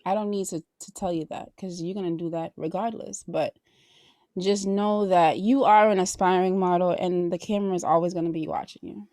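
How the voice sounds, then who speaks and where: A woman podcast host with a lowish voice, gushing heartfelt praise in rolling, sermon-like affirmations. The sound is dry and close, with no room around her. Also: steady tone, a little fast, mellow, no room sound. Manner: effusive, heartfelt, preacher-like affirmations. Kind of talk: casual chat.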